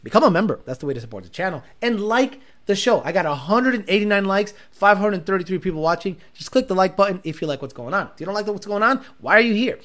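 Animated, profane livestream host, male. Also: high voice, quick pace, few pauses. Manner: crude, rambling, profane banter. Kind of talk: casual live-stream chat.

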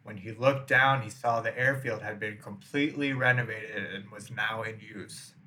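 A man's voice: lowish voice, steady tone, normal speed, pushed and bright. Young man telling stories casually. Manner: filler-heavy, reads facts then riffs. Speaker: podcast host. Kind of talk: casual storytelling chat.

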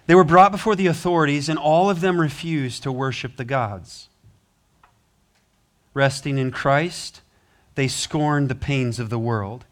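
In a church sanctuary, a pastor preaches a sermon, telling a story with passion that rises and grows emphatic. His voice is fairly high and a bit bright.

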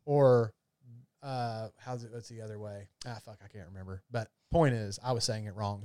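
A man's voice: on the low side, steady tone, moderate pace, warm tone, clear, resonant tone, dry recording, clean studio sound. A man chatting casually about whiskey and gin, rambling and swearing freely. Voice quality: loose, profane, rambling delivery. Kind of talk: casual chat.

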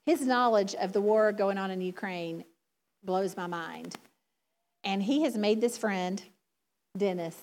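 A middle-aged woman preaching a sermon in a chatty, conversational way, laughing often. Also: medium pitch.

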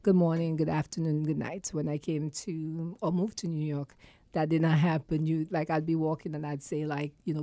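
A woman's voice: low voice, little pitch movement, fairly quick, mellow, no room sound. A woman from Saint Lucia, a guest on a podcast, chatting casually and laughing often as she acts out little scenes. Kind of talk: casual chat.

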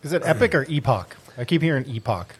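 A man's voice: medium pitch, animated, quick pace, a little hiss or hum. A man with a mid-range voice joins a casual talk show as co-host. He drops blunt, joking asides into the conversation.

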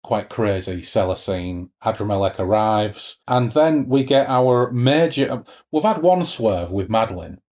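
A man's voice: lowish voice, lively intonation, unhurried, few pauses, a little mellow. A man co-hosting a casual book chat, recapping the plot and reading passages aloud. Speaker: podcast co-host.

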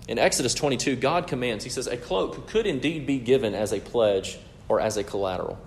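A man's voice: mid-range voice, gravelly, a little hiss or hum. A man preaching an expository sermon in an emphatic, explanatory way, often checking in with "right?".

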